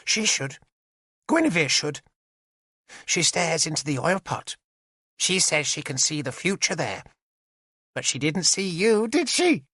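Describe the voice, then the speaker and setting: A man's voice: fairly high pitch, big pitch swings, unhurried, long pauses, bright, forceful tone, husky, no room sound, studio quality, pitched above the performer's own voice, heavily acted. A man voicing a giggly, odd plump woman. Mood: teasing. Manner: singsong, childlike, giggling. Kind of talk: audiobook character voice.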